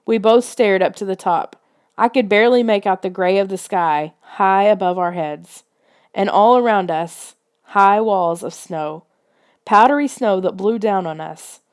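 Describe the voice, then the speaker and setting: An audiobook reader narrates a scripted children's adventure book, building tension and suspense. Her voice is medium-pitched, clean in tone and unhurried.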